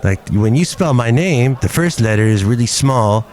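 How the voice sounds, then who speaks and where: A man hosting a podcast from a cafe, talking in a chatty, joking, rambling way, his voice a little rough after covid. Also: medium pitch, expressive, normal speed, a little mellow. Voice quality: rough, smoker-like after illness. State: recovering from covid, slightly rough voice. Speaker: podcast host. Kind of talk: casual podcast chat.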